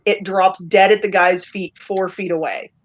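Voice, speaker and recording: Animated woman telling a family story. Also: mid-range voice, normal speed, highs cut off. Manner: animated storyteller, acts out quoted voices. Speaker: podcast co-host. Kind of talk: casual storytelling chat.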